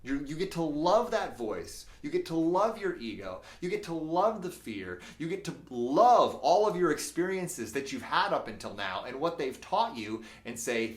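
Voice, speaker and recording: Lively, laughing male life coach. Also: a little high, moderate pace, hardly any pauses, echoey room. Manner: animated, laughs often, swears casually. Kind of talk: motivational livestream talk.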